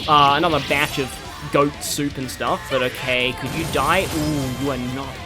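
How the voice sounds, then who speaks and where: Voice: mid-range voice, fairly even intonation, normal speed. A let's-play host giving chatty commentary, exasperated at a tough boss fight. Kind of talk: gameplay commentary. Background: game music.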